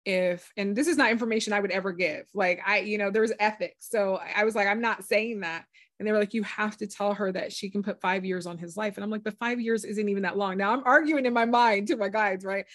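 A woman's voice: medium pitch, brisk, dry recording, studio quality. A woman guest, a healer and former psychic, telling a story in conversation and acting out the voices she quotes. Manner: animated, acts out quoted voices.

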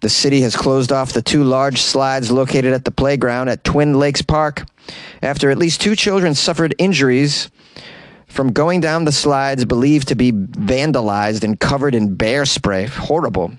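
Recording dry from a small closet, a mid-range male host of a comedy news podcast mocks strange stories at a moderate pace. His riffs are sarcastic and animated, often slipping into mocking voices.

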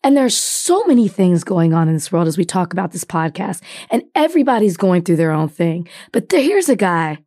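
A woman's voice: on the low side, big pitch swings, fairly quick, hardly any pauses, mellow. A woman co-hosting a podcast, talking earnestly and with feeling. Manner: emotional, earnest. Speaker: podcast co-host. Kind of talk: casual chat.

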